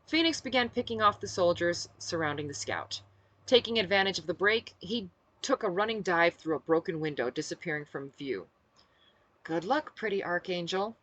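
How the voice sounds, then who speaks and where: Casting: woman author narrating her novel, lowish voice, very animated. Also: moderate pace. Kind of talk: reading a novel aloud.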